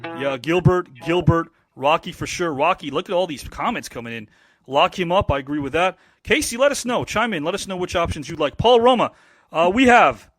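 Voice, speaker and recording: A man's voice: on the high side, lively intonation, fairly bright tone, dry recording, faint music behind. A man hosting a casual online show, teasing his guests and reading out viewer comments. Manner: teasing, quick, reads viewer comments aloud. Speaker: podcast host. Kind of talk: casual chat, quiz-style banter.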